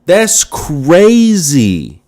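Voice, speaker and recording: A young man hosting a casual talk show, telling a story in an animated, profane rant full of restarts. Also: on the high side, very slow. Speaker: podcast host.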